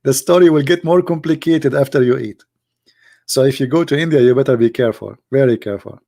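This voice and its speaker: Creaky-voiced man hosting a livestream. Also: medium pitch, fast talker. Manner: animated storyteller in non-native broken English. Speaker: livestream host. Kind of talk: casual livestream chat.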